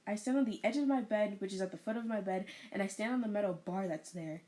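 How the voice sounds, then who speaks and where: Animated woman chatting in her bedroom. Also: mid-range voice, fast. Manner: animated, playful, filler-heavy. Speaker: podcast co-host. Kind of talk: casual chat, storytelling.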